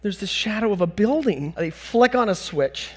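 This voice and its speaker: A middle-aged man from North America speaking as a conference speaker on stage, telling animated, self-mocking anecdotes with bursts of laughter. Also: sits high, normal speed. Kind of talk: storytelling keynote talk.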